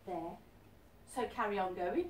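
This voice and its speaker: A woman in her fifties, a medium speaking to a live audience in a chatty, animated way, often checking that her listener follows. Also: medium pitch, unhurried, slight background noise. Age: 50s. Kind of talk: live stage reading to an audience. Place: event hall. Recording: echoey hall, distant mic.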